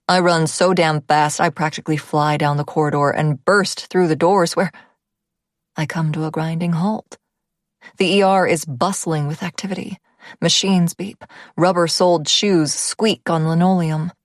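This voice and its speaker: A woman narrating a romance thriller audiobook in the first person, with a low-key, steady delivery. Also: a little slow, dry recording, clean studio sound.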